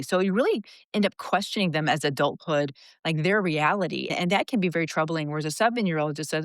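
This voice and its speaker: Fifty-something woman with a low smooth voice, earnest and open, telling her own story on a podcast. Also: a little fast, few pauses, no echo. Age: 50s. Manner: earnest, confessional, animated retelling. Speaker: podcast guest. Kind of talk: candid personal storytelling.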